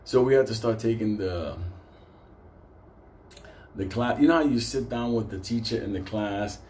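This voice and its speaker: A man's voice: fairly low pitch, moderate pace, darkish tone, a little hiss or hum. A middle-aged man telling a comic story from his youth, rambling, swearing constantly and prone to laughing. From New York City. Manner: profane, rambling, easily breaks into laughter.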